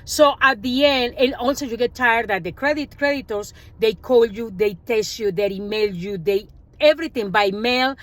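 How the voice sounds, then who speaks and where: A woman speaking English as a second language, her first being Spanish, telling an animated personal finance story in a casual vlog and acting out what others said. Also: a little high, moderate pace. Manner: animated storytelling, acts out quoted dialogue, non-native grammar.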